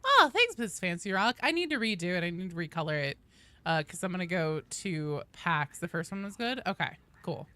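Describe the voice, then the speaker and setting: A woman game streamer chatting casually and excitedly on a live stream, greeting viewers by name as she plays. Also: lowish voice, normal speed, no echo.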